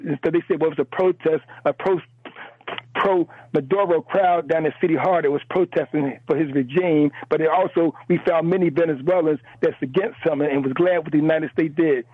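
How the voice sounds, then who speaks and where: A man's voice: on the high side, fairly even intonation, fairly quick, breathy edge, no room sound. A man calling in to a radio talk show, speaking with fervor, stammering and restarting while he repeats words and adds "man" and "you know". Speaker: radio call-in caller. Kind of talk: impassioned call-in commentary. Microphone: telephone. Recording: phone line into a radio show.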